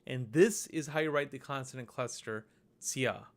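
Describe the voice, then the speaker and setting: A man narrating a recorded lesson over slides, explaining each step slowly and patiently. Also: mid-range voice. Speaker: language teacher.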